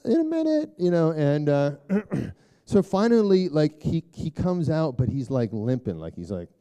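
A middle-aged man giving a rambling, conversational sermon talk to a church group, full of filler words and throat clearing. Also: lively intonation, a little slow. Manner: turns hushed and low for prayer. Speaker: speaker addressing a church group.

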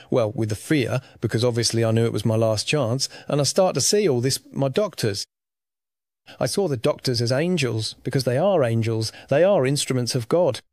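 A man's voice: medium pitch, darkish tone, no room sound, studio quality. A man earnestly telling his personal faith testimony about receiving a lung transplant, in a reflective storytelling manner.

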